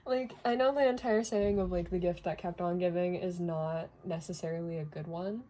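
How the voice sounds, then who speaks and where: A woman's voice: on the low side, normal speed, warm tone, slight background noise. Woman, tarot reader, casual chat, talkative, laughs a lot, wanders off topic. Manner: chatty, laughs often, trails into asides.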